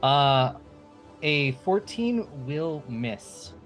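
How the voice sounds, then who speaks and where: A man running a tabletop game as game master, calling out rolls and narrating the enemies' moves in a relaxed way. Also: fairly high pitch, drawn-out words, soft background music.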